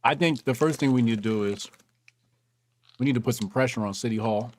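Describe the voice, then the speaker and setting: A man hosting a casual live stream, blunt and quick to laugh, making pointed political remarks. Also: medium pitch.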